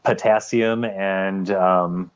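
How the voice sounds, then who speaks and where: A man's voice: deep voice, fairly even intonation, extremely slow, clear, resonant tone. A man in a casual debate, explaining his point loosely with fillers like um and you know.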